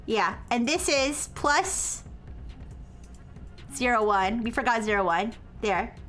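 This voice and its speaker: Woman streamer, high and bright, slow tutoring delivery, apologetic when corrected; faint music underneath. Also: lively intonation. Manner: explains step by step with frequent "okay?" and "all right?" checks; self-described as highly caffeinated. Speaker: streamer working through a math problem. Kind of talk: live-stream explaining math to chat.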